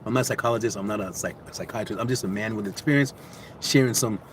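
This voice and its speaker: A man vlogging casually, giving motivational life advice in animated, repetitive storytelling. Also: on the low side, quick pace, a little hiss or hum.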